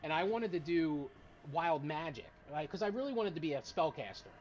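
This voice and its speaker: A man talks in a loose, rambling way, cursing often and leaning on "like" between thoughts. His voice sits at an ordinary pitch. The audio is a bit dull and lo-fi, with a faint hiss behind it. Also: expressive, moderate pace, darkish tone. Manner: profane, rambling, heavy use of filler "like". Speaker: tabletop game player. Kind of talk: casual chat. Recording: slightly muffled lo-fi stream audio.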